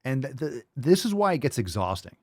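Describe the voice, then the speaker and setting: A middle-aged male fitness host talks bluntly and swears freely, now and then mocking people in put-on voices. His voice sits at a middling pitch. The sound is close and dry with no room echo. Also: big pitch swings, brisk, a little mellow. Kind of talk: livestream chat reading comments.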